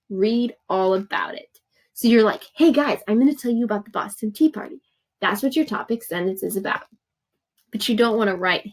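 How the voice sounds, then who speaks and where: Patient woman teacher with vocal fry. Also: mid-range voice, low-quality recording. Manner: patient, encouraging, explains step by step with examples. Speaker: third grade teacher. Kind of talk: recorded remote lesson instructions.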